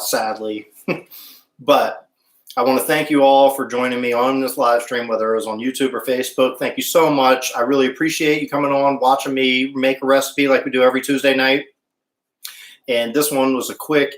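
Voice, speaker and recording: A man's voice: mid-range voice, roomy sound. A man hosting a casual live-stream cooking show, chatting with viewers and humming while he tastes. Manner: chatty, stops to hum while tasting.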